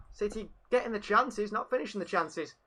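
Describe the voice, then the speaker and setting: Calling the match on his live fan stream, a man reads out viewer chat in a chatty way between play calls. He takes his time, with a high, fairly bright voice over slight background noise.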